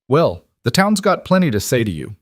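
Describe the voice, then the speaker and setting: A man voicing a loud, self-righteous older male town leader who lectures in a preachy, accusing way. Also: medium pitch, very animated, normal speed, no room sound, studio quality, voice pushed up.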